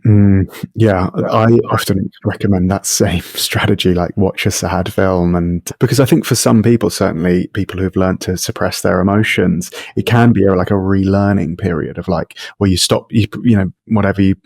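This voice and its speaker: A man hosting an interview, asking gentle and measured questions. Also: deep voice, fairly even intonation, gravelly, husky, no echo, studio quality. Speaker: podcast host.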